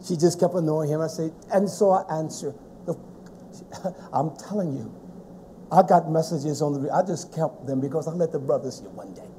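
High-voiced shouting sing-song preacher man. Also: slight background noise. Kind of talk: sermon.

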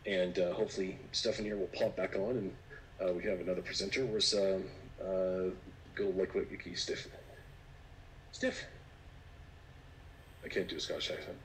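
A man presenting casually on a video call, relaxed and rambling with many fillers. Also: sits low, fairly quick. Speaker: 3D artist presenter. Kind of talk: casual online meetup chat. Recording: distant mic with faint noise.

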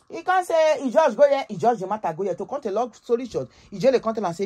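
A Nigerian woman with a fairly high voice tells a gossip story in a lively, dramatic way. She talks casually as a channel host, and her exclamations come often. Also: quick pace, hardly any pauses, husky. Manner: animated, dramatic retelling with exclamations. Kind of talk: casual storytelling gist in Pidgin.

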